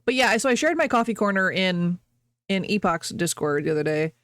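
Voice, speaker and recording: A woman's voice: medium pitch, animated, fairly quick, fairly bright tone, no room sound, clean studio sound. A woman streamer chatting casually with her viewers, rambling, laughing often and breaking off mid-sentence.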